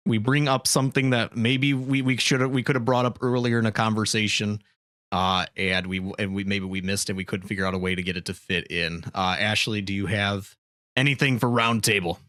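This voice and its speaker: A man's voice: fairly low pitch, a bit bright, clear, resonant tone, no echo, clean studio sound. A man hosting a casual podcast, rambling with many fillers. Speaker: podcast host.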